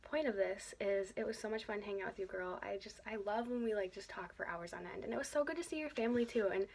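A woman's voice: mid-range voice, steady tone, quick pace, creaky, a little mellow, breathy edge. A young woman talking straight to her camera in a casual vlog, rambling from point to point with constant fillers and frequent laughs. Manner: rambling and chatty, many fillers, drifting off topic; bubbly, laughs often. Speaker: vlogger. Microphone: camera she is filming herself with.

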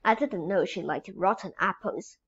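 A woman's voice: mid-range voice, moderate pace, slightly rough, dull audio. A woman reading a children's storybook and voicing a cheerful, jokey male cart seller. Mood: jolly. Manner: storybook reading voice, bright on the calls.

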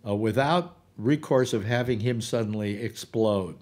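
A man's voice: fairly low pitch, a little slow, darkish tone. A man hosting a casual political chat show, rambling with many stammered restarts and blunt remarks. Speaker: host.

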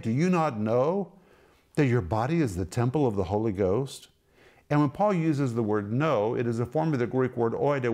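A man's voice: mid-range voice, a little mellow. A middle-aged man teaching from the Bible on a broadcast program, emphatic and pressing rhetorical questions.

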